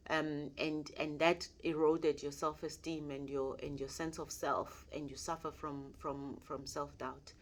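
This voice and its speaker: A woman's voice: low-pitched, level tone, unhurried, few pauses. A woman mentor giving a motivational mentorship talk, earnest and repeating her key points for emphasis. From South Africa. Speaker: mentor and life coach.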